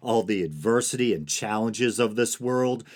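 A man hosting a solo podcast, talking in a monotone, sedated way with dry, sarcastic asides and soft laughs. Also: on the low side, normal speed. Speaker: podcast host.

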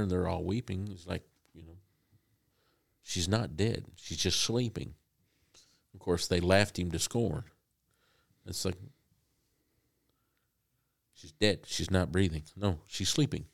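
A man preaching a sermon in a conversational, halting way with frequent restarts. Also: deep voice, vocal fry.

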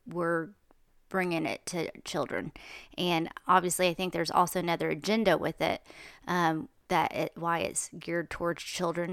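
Woman, rambling casual monologue, heated and chatty, lowish voice, dry close sound. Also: creaky, clear, resonant tone, no echo.

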